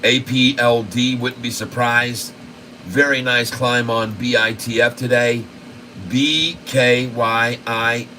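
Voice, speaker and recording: A man hosting a stock market livestream, giving casual, excited commentary and talking to his viewers as folks. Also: fairly low pitch, slight background noise, low-quality recording.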